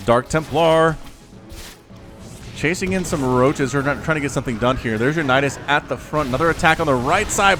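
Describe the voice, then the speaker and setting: Man, solo game commentary, animated swooping voice, chatty, faint music underneath. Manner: chatty and excitable, jumps to high-pitched exclamations. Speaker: esports caster. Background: faint background music.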